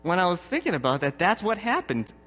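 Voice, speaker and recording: A man's voice: sits high, sing-song, brisk, a bit bright. A man in his thirties preaching a sermon, telling a personal story in a conversational way and chuckling often. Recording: long hall reverb.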